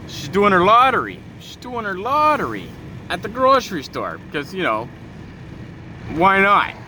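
A man's voice: on the high side, pushed and bright. A man from Canada ranting and swearing through a podcast while driving, exasperated and full of asides. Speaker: podcast host. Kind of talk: profane podcast rant. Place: in a moving car. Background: faint car noise.

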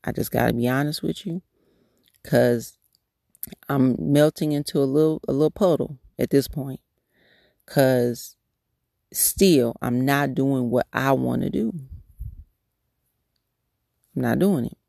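Woman host, devotional testimony, earnest and candid, gravelly voice, dry close sound. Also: very deep voice, slow, pauses often, warm tone, no echo. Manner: candid, earnest storytelling with restarts. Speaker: podcast host.

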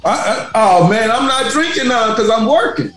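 A man guesting on a podcast as a retired football official, relaxed and joking, with halting starts. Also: very high-pitched, soft background music. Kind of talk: casual podcast chat. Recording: roomy echo.

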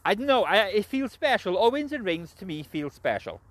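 Mężczyzna z brytyjskim akcentem, który luźno i chaotycznie omawia wrestling, dużo przeklina i często się śmieje. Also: male voice, high voice, very animated, normal speed, a bit bright, no room sound. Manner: heavy swearing, rambling, laughs often. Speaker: wrestling show reviewer. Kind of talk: casual spoken recap and opinion.

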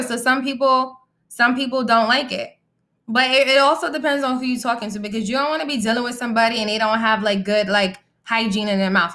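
A woman's voice: a little high, bright, forceful tone. A young adult woman hosting a casual live-audio podcast, talking bluntly and candidly and reacting to comments from the chat. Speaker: podcast host and musician.

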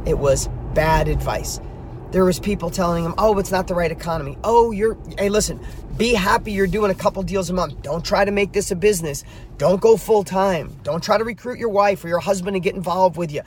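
Middle-aged guy driving and telling a story, emphatic, higher voice, some car noise in the back. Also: fairly quick. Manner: energetic, emphatic, fired up. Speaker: real estate coach and author. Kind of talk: motivational storytelling to camera.

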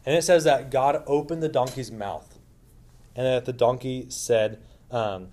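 A man's voice: mid-range voice, fairly even intonation, measured pace, warm tone. A man teaching a Bible lesson in a casual, informal way, retelling a story with lots of asides and questions to his listeners.

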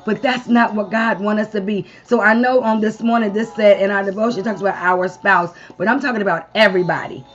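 A woman's voice: mid-range voice, fairly even intonation, fairly quick, few pauses, dull audio. A woman preaching a Sunday morning devotion to a live-streamed audience, peppering her sermon with amens and long spoken lists.

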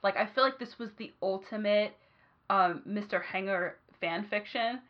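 Animated woman podcast co-host. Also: medium pitch, normal speed, dull audio. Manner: animated storyteller, acts out quotes. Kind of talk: casual chat.

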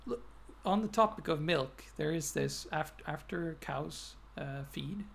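An Icelandic man co-hosts a casual podcast chat, his voice a bit high and heavy with vocal fry. He talks hesitantly, restarting his sentences and filling the gaps with "uh". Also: a little slow, a bit bright, slight background noise. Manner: hesitant, full of restarts and fillers, laughs easily. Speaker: podcast co-host.

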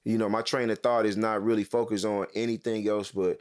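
A man's voice: on the low side, brisk. A man in casual podcast chat. He tells stories with lots of swearing, repeats himself and restarts his sentences. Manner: animated storyteller, swears freely, repeats and restarts.

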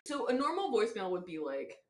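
A woman's voice: medium pitch, sing-song, fairly quick. A woman co-hosting a podcast, recapping a film in casual chat, sarcastic and swearing freely. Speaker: podcast co-host.

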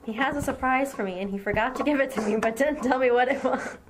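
Young woman on a podcast, kinda high voice, dry jokes, hissy recording. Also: quick pace. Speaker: podcast guest. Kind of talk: casual chat.

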